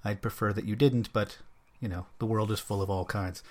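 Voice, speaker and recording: Guy with a lowish voice doing a solo comics podcast, dry jokey asides about himself. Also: fairly even intonation, a little fast, darkish tone. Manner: wry, self-mocking humor. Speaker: podcast host.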